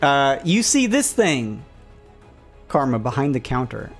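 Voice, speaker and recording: A man acting as game master, narrating a tabletop game in a relaxed, rambling way with plenty of fillers. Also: mid-range voice, measured pace, faint music behind.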